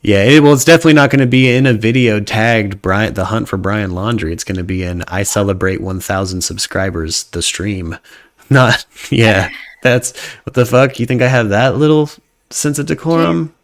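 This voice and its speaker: A young man with a low, gravelly voice runs a live stream in loose, profane, joking banter. He hypes up his viewers and riffs casually on their comments. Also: normal speed.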